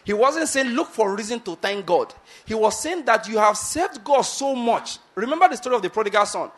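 Guy preaching a sermon, fairly high voice, keeps asking if you get his point, acts out the bible bits. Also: animated, a little fast, a bit bright. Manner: repeatedly asks the audience if they get the point; acts out Bible characters' lines with shifts in pace.

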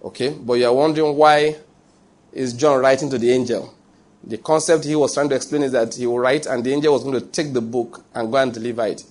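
A man's voice: mid-range voice, steady tone, a little fast, darkish tone. A man preaching a sermon who reads scripture aloud and keeps asking his listeners whether they follow.

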